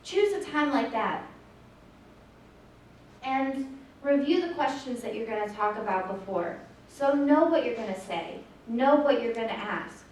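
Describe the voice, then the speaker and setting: High-voiced woman presenter in echoey room. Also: expressive, measured pace, recorded from a distance, slight background noise. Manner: earnest, acts out shouted lines in a story. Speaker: suicide prevention presenter. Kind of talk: presentation with storytelling. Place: large echoey room with audience.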